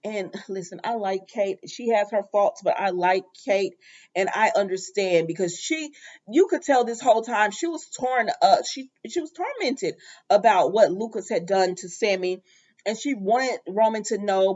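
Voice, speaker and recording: A woman's voice: mid-range voice, moderate pace, a little mellow, muffled recording. A woman casually recapping a soap opera episode for her viewers, chatty and familiar, calling them baby and child.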